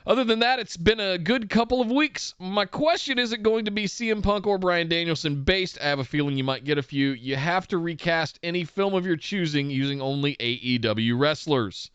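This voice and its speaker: A man's voice: a little high, moderate pace, hardly any pauses, fairly bright tone, clear, resonant tone, dry recording, lo-fi sound. A man hosting a podcast, reading out listener messages and chatting in an easygoing way with frequent laughter. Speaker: podcast host.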